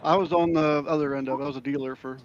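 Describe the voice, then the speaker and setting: A man's voice: a little high, steady tone, very fast, muffled recording, slight background noise. A man who is a guest on a casual podcast chat. He talks earnestly and rambles, restarting his sentences often.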